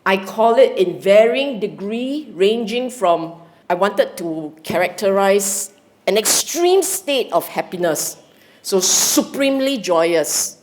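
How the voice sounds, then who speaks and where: Woman meditation teacher, lively talk that questions her listeners. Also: mid-range voice. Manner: lively, questioning the audience, acting out inner voices. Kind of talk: Dharma talk to a class.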